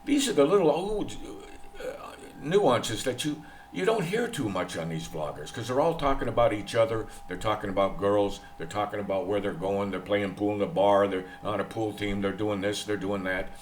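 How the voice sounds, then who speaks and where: Older guy from the states vlogging, low voice, goes on and on, repeats stuff, bit of noise behind. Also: moderate pace. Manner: rambling, opinionated, repeats himself. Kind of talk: casual vlog monologue. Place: in the Philippines.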